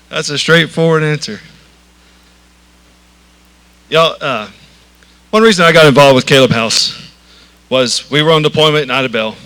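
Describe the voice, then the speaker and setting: A man's voice: fairly high pitch, bright, forceful tone. A man, introducing a speaker at a live event in a joking, folksy, chatty way. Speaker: board member introducing the speaker.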